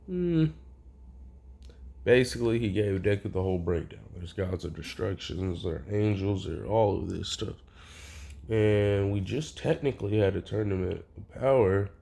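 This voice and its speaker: A young man tells an improvised fan story in a loose, rambling way, interrupting himself with asides. His voice is low and gravelly. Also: moderate pace, mellow.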